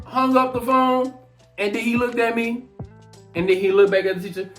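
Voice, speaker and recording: A man in his twenties telling a childhood story in an animated, slangy vlog style. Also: very high-pitched, moderate pace, faint music behind. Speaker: vlogger.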